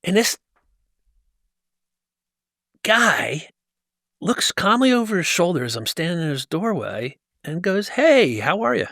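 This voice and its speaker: Intense gravelly man telling his story. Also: high voice, very animated, takes it slowly, pauses often, pushed and bright, no echo, studio quality. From New Jersey, USA. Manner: intense, emphatic, with restarts. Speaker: guest, motivational speaker. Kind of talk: personal storytelling in an interview. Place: tent set used for a podcast.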